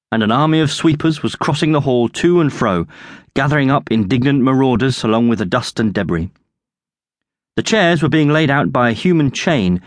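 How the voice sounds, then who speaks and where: A man narrating his own children's adventure book with lively, expressive storytelling. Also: medium pitch, dry recording. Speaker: audiobook narrator and author.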